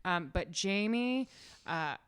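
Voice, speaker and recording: A woman's voice: fairly low pitch, lively intonation, takes it slowly, fairly bright tone, a little hiss or hum. A young adult woman co-hosting a podcast, chatting casually and analytically, laughing often. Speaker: podcast co-host. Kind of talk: casual chat.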